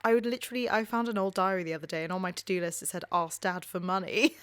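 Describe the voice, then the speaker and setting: Her mid-range voice races along, clear and resonant, as this twenty-something podcast co-host with a posh southern English accent chats casually. She spins stories, laughs a lot, and drops the odd casual swear word.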